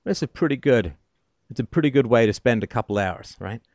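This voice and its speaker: A man's voice: medium pitch, animated, a little fast, darkish tone, dry recording, clean studio sound. A man hosting a call-in show, giving advice in an emphatic, sardonic monologue and often asking "right?".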